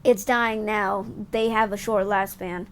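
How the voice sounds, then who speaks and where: A woman voicing a scornful, snake-like male alien gladiator leader in a game, reading his lines slowly and haughtily, with faint background noise. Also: mid-range voice, steady tone, close to an everyday voice. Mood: contemptuous.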